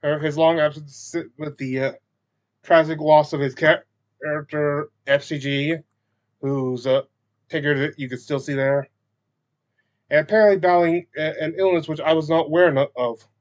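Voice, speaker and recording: A man talks through a show recap in a casual, hesitant way, stopping and restarting often. His voice sits a little high, and the recording sounds dull and lo-fi. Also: steady tone, moderate pace. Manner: hesitant, many fillers and restarts. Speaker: recap video host.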